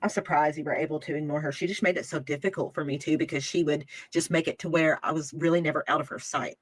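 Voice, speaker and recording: A man's voice: fairly high pitch, fairly even intonation, quick pace, fairly bright tone, dry recording, rough recording. A man in a casual conversation, reacting briefly and then speaking in earnest about a past relationship. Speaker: guest in a conversation.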